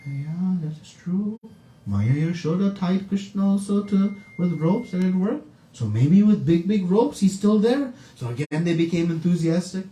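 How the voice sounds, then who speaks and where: High-voiced man telling a devotional story. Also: lively intonation, moderate pace, dark tone. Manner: acts out characters with high, crying cries. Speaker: storytelling preacher. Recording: echoey room, distant mic.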